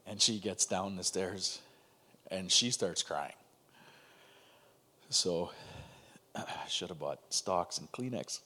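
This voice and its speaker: A man in his thirties telling an emotional personal story in a conversation over a video call, halting and restarting as he goes. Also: low-pitched, sharp tone, breathy edge.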